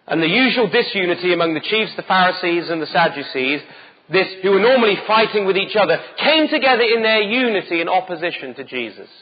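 Male pastor, husky voice on the higher side, emphatic delivery, dull echoey church recording. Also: expressive, quick pace. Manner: urgent, emphatic, rhetorical questions. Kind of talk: sermon.

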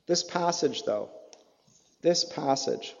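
A man preaching a sermon earnestly, his voice rising to emphatic peaks and dropping low again. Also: lively intonation, slow pace, gravelly. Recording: dull lo-fi sound in a reverberant hall.

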